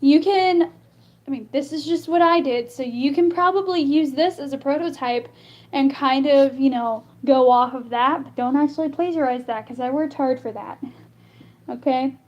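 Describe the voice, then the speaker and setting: A woman teaching singing improvisation in a casual live stream, halting and full of fillers as she explains. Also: high-pitched, darkish tone. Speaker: singer teaching vocal improvisation.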